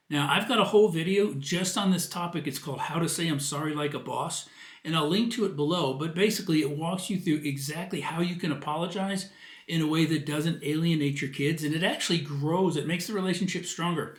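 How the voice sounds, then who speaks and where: A man's voice: on the high side, brisk. Earnest man coaching in an echoey room. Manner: earnest, plain-spoken explaining. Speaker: parenting coach. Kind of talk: advice video monologue.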